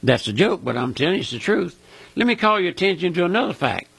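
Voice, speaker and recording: Fervent older Southern preacher, gravelly. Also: male voice, sits high, sing-song, quick pace, a bit bright, no room sound. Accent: Southern US, Mississippi. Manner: folksy, fervent, repeats "my friend" and "listen". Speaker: radio preacher. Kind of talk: radio sermon.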